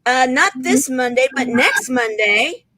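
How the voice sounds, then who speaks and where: Bright enthusiastic woman host. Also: sits high, animated, unhurried, no room sound. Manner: rambling, enthusiastic questions. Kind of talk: interview talk show.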